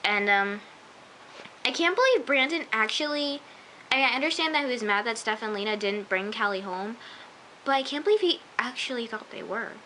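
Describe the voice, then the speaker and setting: Casual vlogger, female, bright, slightly high voice, chatty and emphatic, light hiss. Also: brisk, poor audio. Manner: chatty, emphatic, often says "I'm just like". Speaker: TV episode reviewer. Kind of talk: casual recap vlog.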